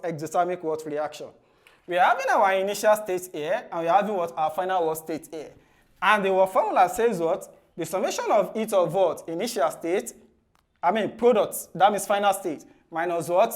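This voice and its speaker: In a chemistry lesson aimed at exam preparation, a male tutor finishes almost each phrase with "what?" He then supplies the answer himself in a gentle, low tone.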